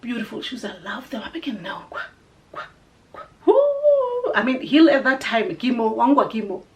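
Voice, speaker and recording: A South African woman whose first language is Sepedi tells a personal travel story in casual chat. She is animated, swings from loud exclamations to hushed asides, and slips into Sepedi mid-sentence. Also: fairly high pitch, fairly quick. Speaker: vlogger telling a personal story.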